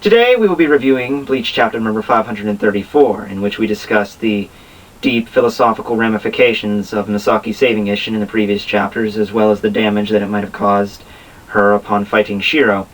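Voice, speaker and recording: A man voicing a calm, formal British gentleman in a deliberately flat monotone, with a put-on British accent. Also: fairly low pitch, recorded from a distance, voice pushed down, natural voice, poor audio.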